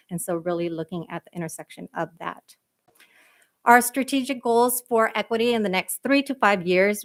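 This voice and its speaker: A woman walks a school board through her equity report. Her delivery is earnest and emphatic, with frequent fillers between phrases. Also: mid-range voice. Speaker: school district equity director. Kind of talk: board meeting presentation.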